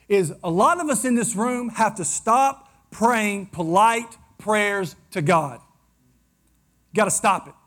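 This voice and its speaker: A man preaching a sermon to his congregation, swinging between loud declarations and hushed, close asides. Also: sits high. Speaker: pastor.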